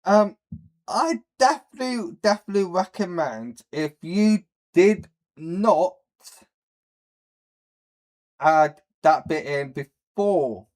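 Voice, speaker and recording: A man's voice: a little high, expressive, slow, pauses often, darkish tone. Rambling, crude man. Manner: crude, rambling and laughing at his own slips. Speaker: streamer reacting to a video. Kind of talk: casual reaction commentary.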